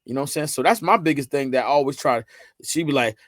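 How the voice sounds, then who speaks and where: A man talks fast as a podcast guest in relaxed conversation, spinning energetic stories. His pitch leaps up whenever he acts out what friends or relatives said. The sound is tight and dry with no room echo.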